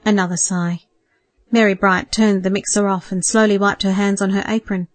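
Calm woman narrating a novel. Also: medium pitch, no room sound. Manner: calm, measured storytelling. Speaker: audiobook narrator. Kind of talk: scripted narration.

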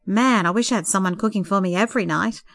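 A courteous young bachelor, earnest and a little sheepish, speaking in a storybook reading, as a woman reads him. The voice sits at a middle pitch, close and dry. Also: quick pace, a bit bright, no echo, natural voice. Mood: friendly. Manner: earnest, nervous, apologetic.

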